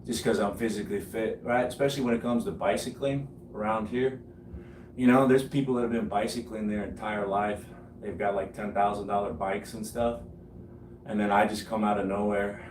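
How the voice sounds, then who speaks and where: A man's voice: on the low side, steady tone, brisk, darkish tone, far from the mic. A man in his late forties boasting casually about his cycling, swearing freely and laughing at his own stories. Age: 40s. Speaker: home gym streamer. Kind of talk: casual storytelling chat. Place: home gym. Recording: echoey room, from the mic, faint noise.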